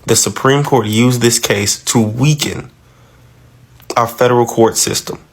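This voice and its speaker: A man giving emphatic social media commentary, repeating his key points as he explains. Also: lowish voice.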